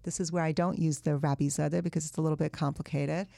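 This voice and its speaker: Gravelly-voiced woman author guest. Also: low-pitched, steady tone, fast, warm tone, no echo, clean studio sound. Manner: earnest, thoughtful, with fillers. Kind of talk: casual interview chat.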